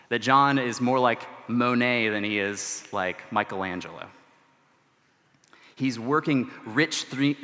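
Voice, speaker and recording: A man preaches from the pulpit, his voice bright and forceful. He speaks in an earnest, measured way, dropping in casual asides, and the large sanctuary lets each phrase ring out in a long reverb. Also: mid-range voice. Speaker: student ministry director preaching. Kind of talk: sermon. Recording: long church-hall reverb.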